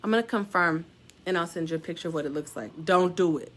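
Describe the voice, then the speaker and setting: A middle-aged woman casually telling her followers a personal story, animated and expressive, with big jumps in pitch when she quotes people. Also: quick pace. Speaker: salon suite owner sharing a warning.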